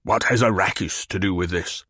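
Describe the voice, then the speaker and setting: A man's voice: sits low, brisk, bright, forceful tone, husky, dry recording, studio quality, full character voice. A man voicing a fat, pompous and petulant old baron who blusters and demands answers. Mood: blustering.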